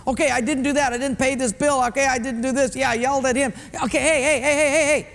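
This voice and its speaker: A man voicing an exasperated husband who shouts his apologies impatiently, in an echoey hall. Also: extremely high pitch, steady tone, fast, voice pushed up.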